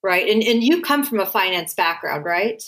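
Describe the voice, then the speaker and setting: A woman hosting a podcast, asking questions and chatting casually, quick to laugh. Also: medium pitch, animated, a bit bright, a little hiss or hum. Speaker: podcast host. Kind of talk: casual interview talk.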